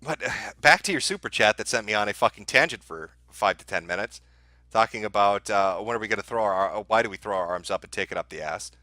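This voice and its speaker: Man, livestream host, heated profane rant, sharp forceful voice, dry close sound. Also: on the low side, expressive, fast, no room sound. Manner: profane, angry, ranting.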